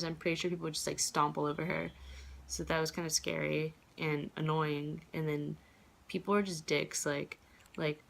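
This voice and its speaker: Gravelly, low-voiced young woman vlogger. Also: a bit bright. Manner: rambling and filler-heavy, with frequent cursing. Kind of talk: casual vlog chat.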